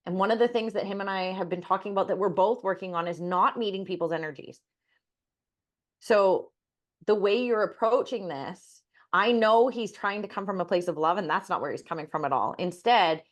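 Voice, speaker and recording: A middle-aged woman with a fairly low voice tells a personal story on a podcast. She talks casually and candidly, swears without hesitation and leans on "like" as she goes. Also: lively intonation, moderate pace. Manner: candid, swears freely, frequent "like" fillers. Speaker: podcast co-host.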